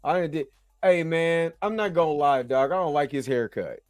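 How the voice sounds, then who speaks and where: A host reviews a TV episode in a rambling, slangy, chatty way, keeps asking "you know what I'm saying," and yawns, tired after a long work shift. His voice is on the high side at a normal speed, captured in studio quality with no room sound.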